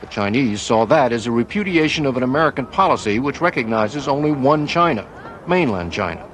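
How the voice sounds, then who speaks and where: A man narrating a television news report as a correspondent, in a steady, even manner. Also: mid-range voice, fairly quick, a crowd in the background, noisy background.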